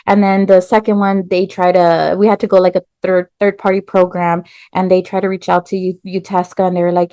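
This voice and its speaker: A woman tells her own story as a podcast guest, animated, with lots of "like" and "um" fillers. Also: fairly low pitch, brisk, hardly any pauses, no echo. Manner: animated storyteller, acts out quoted voices, many "like" and "um" fillers. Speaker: podcast guest, nurse and business owner. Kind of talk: casual storytelling interview.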